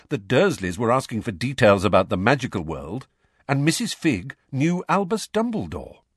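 A man narrating an audiobook in an expressive storytelling manner. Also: medium pitch, slightly rough, no room sound, clean studio sound. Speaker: audiobook reader. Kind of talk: scripted narration.

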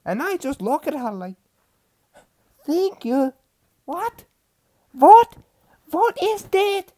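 A bumbling farmer voiced by a woman rambles through a comic tale in slow, drawn-out phrases. The voice sits a little high, and he keeps repeating himself and wandering off track with mock outrage. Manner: rambling, repetitive, easily sidetracked, mock-outraged. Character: rambling, bumbling male farmer telling absurd tales. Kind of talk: comic podcast monologue in character.

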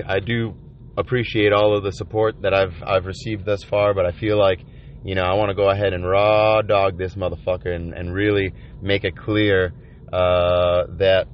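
Man, low voice, profane halting vlog confession from a van, dull lo-fi sound. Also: slight background noise. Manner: profane, halting, with many restarts. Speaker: vlogger. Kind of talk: rambling confessional monologue. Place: inside a van by the ocean. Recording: dull lo-fi recording.

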